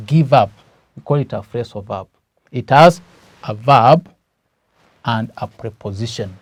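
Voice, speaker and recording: A man with a Kenyan English accent teaches a grammar lesson in a medium-pitched, somewhat dark voice with no echo. He speaks slowly and emphatically, stressing key words and posing questions that he then answers himself.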